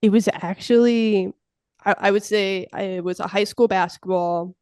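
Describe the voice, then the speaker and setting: A woman co-host chats casually, joking at her own expense and restarting her sentences. Her voice has a middle pitch. The sound is dry and close. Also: fairly even intonation, normal speed, a little mellow, smooth, no echo. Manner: chatty, self-deprecating, hesitant restarts. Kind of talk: casual chat.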